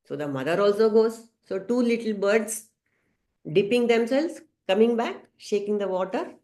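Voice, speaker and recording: A woman teaching a scripture study class, telling a story gently with some hesitant fillers. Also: mid-range voice, expressive, moderate pace. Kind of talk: storytelling lesson. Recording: roomy echo.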